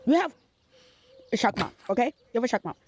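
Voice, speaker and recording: A woman's voice: fairly high pitch, very animated, brisk, darkish tone, slightly rough. A woman from outside the United States, scolding another streamer sarcastically and profanely in a call-out video.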